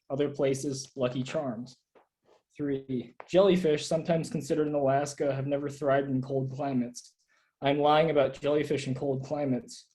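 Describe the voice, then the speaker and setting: A man reading his own absurd poems aloud at a live reading, in a deadpan way. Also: a little high, poor audio. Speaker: poet reading own work.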